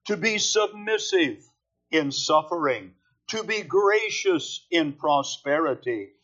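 A man preaching a sermon, slow and deliberate, leaning hard on key words. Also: on the high side, a bit bright, dull audio. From California.

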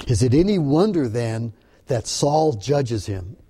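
A man's voice: medium pitch, expressive, mellow, slightly rough. A man preaching a Bible teaching in an earnest, explanatory way, often restarting his sentences. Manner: earnest, halting with repeated restarts. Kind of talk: sermon-style Bible teaching.

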